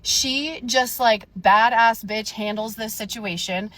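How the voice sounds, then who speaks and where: A young woman telling a story in a casual rant, animated and indignant, acting out the dialogue. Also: fairly high pitch, slow pace, soft background music. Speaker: storyteller vlogger.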